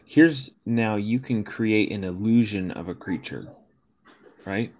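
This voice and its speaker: Deep-voiced man running a tabletop game. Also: a little mellow, a little hiss or hum, poor audio. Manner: measured, rules-minded, hesitant fillers. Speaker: game master.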